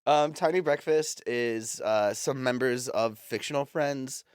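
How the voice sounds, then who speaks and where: A man's voice: mid-range voice, a little slow, clean tone, dry recording, studio quality. A man who performs improv, a guest on a podcast, chatting playfully and laughing easily. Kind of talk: casual conversation.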